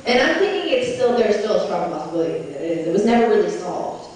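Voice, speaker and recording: A woman's voice: mid-range voice, big pitch swings, fast, darkish tone, slight background noise. A young woman from Israel, a convention panel guest, answers fan questions in a chatty, laughing way with many restarts. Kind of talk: casual Q&A answers. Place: large convention hall. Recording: echoey hall taped from far off.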